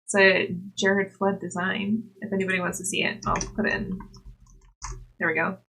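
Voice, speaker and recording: A woman's voice: medium pitch, level tone, normal speed, vocal fry, pushed and bright, slight background noise. A young woman chatting casually with her live chat while knitting, giggly and talkative. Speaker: livestreamer.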